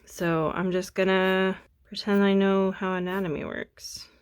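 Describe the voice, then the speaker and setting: A woman's voice: mid-range voice, little pitch movement, measured pace, smooth. A young woman chatting casually while she draws, rambling and self-deprecating, a bit sniffly from allergies. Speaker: art vlogger. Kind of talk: casual chat while drawing.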